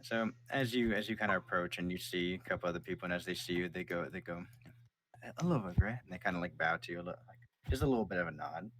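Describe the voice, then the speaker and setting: A man's voice: low-pitched, rapid-fire, few pauses, noisy background. A man narrating a tabletop game as game master, in a loose, casual way. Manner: loose and casual, with many fillers.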